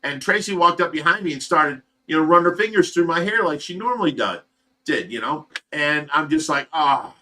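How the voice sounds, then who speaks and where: A man's voice: a little high, animated, brisk, bright, forceful tone, slight background noise. A man hosting a livestream, giving an earnest, emotional personal update in a rambling, casual way. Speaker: livestream host of a fish rescue.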